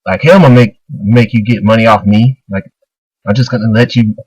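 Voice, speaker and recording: A man's voice: on the low side, steady tone, a little fast, darkish tone, slightly rough, rough recording. A man voicing a dying gunman who talks in slangy, taunting tones.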